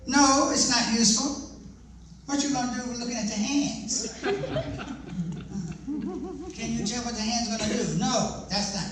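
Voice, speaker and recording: A man speaking to an audience in a big, very echoey hall, heard from well back from the mic. His delivery is lively and joking, and he keeps turning questions to the listeners. A faint background hiss sits under his voice. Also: very high-pitched, a little slow, pauses often, recorded from a distance. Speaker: speaker on deaf ministry. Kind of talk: presentation to an audience.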